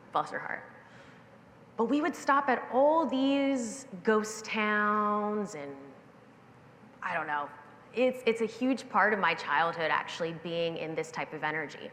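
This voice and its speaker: Woman keynote speaker, animated storyteller, mid pitch, live hall with long reverb. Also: a little hiss or hum. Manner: animated, acting out the voices in her anecdote. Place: stage in a large event hall.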